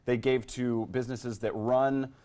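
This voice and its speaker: A man's voice: medium pitch, level tone, a little slow, warm tone, clear, resonant tone. A man from a local theater, a guest on a morning talk show, speaking casually with fillers and restarts. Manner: friendly, hesitant with fillers and restarts.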